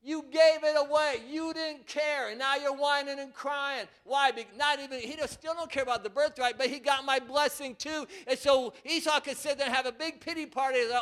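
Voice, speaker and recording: A man preaching a sermon in a high, bright voice. He acts out the voices of scripture figures and swings between quiet asides and loud, dramatic passages. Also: normal speed.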